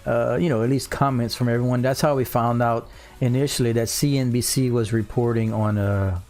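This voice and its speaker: A man's voice: medium pitch, steady tone, fairly quick, darkish tone. A man in his thirties with a Cajun Louisiana accent, hosting a casual livestream from home, chatting easily and reading viewer comments aloud. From South Louisiana. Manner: laid-back, reads chat aloud, drawls "y'all". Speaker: livestream host. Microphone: studio mic on a boom.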